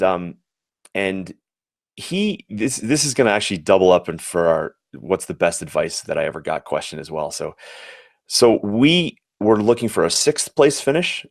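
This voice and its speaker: American man, 40s, very low voice, earnest reflective storyteller, interview guest. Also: dry recording, studio quality. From United States. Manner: earnest, reflective, frequent restarts. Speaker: former Olympic athlete, interview guest.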